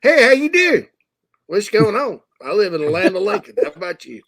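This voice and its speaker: A man's voice: sits high, sing-song, a little fast, a bit bright, voice pushed up, exaggerated voice. A man putting on the folksy voice of a cheery small-town Midwestern man. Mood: chirpy.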